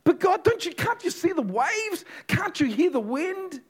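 A man voicing a frantic disciple in a storm, in high, loud, pleading cries. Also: big pitch swings, unhurried, heavily acted.

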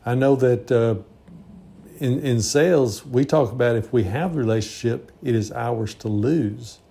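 An older man in his sixties speaks in a gravelly, dark-toned voice. He talks in an earnest, reflective way, rambling and restarting his sentences as he goes. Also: mid-range voice, a little slow. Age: 60s. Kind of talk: reflective monologue.

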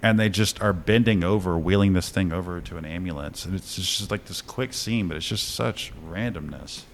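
Deep-voiced man recapping a movie. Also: normal speed, slight background noise. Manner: animated storytelling with chuckles and fillers. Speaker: podcast co-host reviewing a film. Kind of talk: casual chat.

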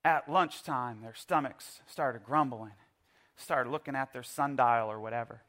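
A middle-aged man giving a sermon as a pastor, telling stories in an animated, playful way. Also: medium pitch, unhurried.

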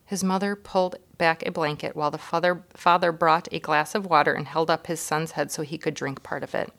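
A woman reads a children's chapter book aloud, calm and measured with gentle expression. Her voice sits a little low. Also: creaky. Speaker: guest reader. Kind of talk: children's storybook reading.

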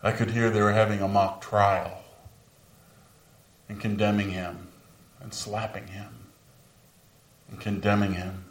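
A man takes on the remorseful apostle Peter in a live first-person monologue. His voice sits very low and moves unhurriedly, earnest, sinking into whispers when sorrow takes over. It is picked up from a distance in a roomy space with a faint hiss behind it. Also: little pitch movement, measured pace, long pauses. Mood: grave. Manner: earnest, dropping to whispers at moments of grief. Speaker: dramatic monologue performer. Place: large room with a live audience. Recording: roomy sound from a distant mic.

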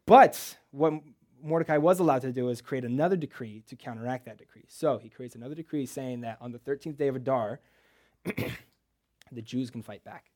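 A man preaching in a church, retelling a Bible story in a casual, joking way with rhetorical questions and quick asides. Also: medium pitch, darkish tone.

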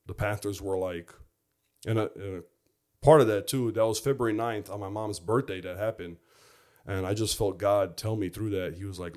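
A young adult man giving a personal faith testimony in an earnest, reflective way, pausing often with fillers. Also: lowish voice, dark tone. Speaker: former football player giving his testimony.

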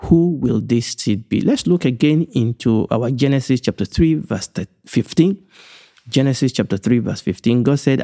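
Emphatic man teaching the Bible, mellow voice. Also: mid-range voice, animated, vocal fry. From Nigeria. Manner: measured and emphatic, repeating key phrases, slowing on big points. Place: indoors, recorded for an online broadcast.

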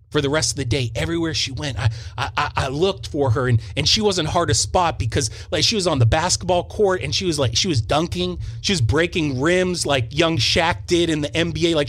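A young man telling a personal story in an animated, self-mocking way, often repeating words as he goes. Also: on the high side. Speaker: storyteller on a faith show.

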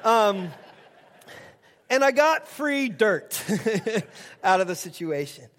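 High-voiced pastor in a reverberant hall. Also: male voice, big pitch swings, slow, fairly bright tone. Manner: storytelling, chuckling, acting out dialogue. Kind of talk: sermon with personal story.

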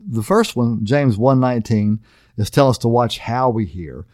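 A man's voice: medium pitch, darkish tone, no echo, clean studio sound. A middle-aged man preaching a casual marriage sermon, folksy and plain-spoken, often checking in with "okay?". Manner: folksy, repeatedly asks "okay?". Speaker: pastor.

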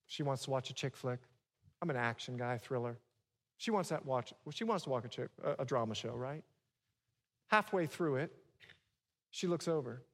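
A man preaching a sermon to a congregation, swinging from hushed lines to loud ones and slipping in humorous asides. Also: on the high side, sing-song, moderate pace, husky, in a large hall. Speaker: pastor.

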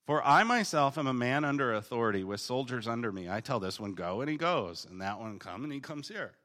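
Bright-voiced man teaching scripture casually. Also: mid-range voice, a little fast. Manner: casual, animated, paraphrases scripture in slangy voices; swings between loud emphatic bursts and quiet reading. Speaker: preacher teaching on the Gospel of Luke. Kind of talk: conversational Bible teaching.

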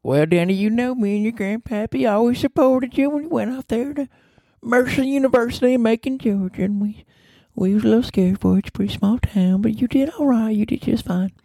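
A man voicing an elderly southern grandmother in a high, strained falsetto with a Southern US accent. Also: fairly quick, creaky, warm tone, no room sound, heavily acted. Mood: doting.

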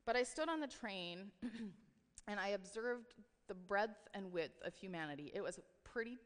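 A woman's voice: medium pitch, lively intonation, normal speed. A woman giving a sermon, talking in an earnest, reflective way with casual filler words. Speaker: preacher. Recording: long reverb of a hall.

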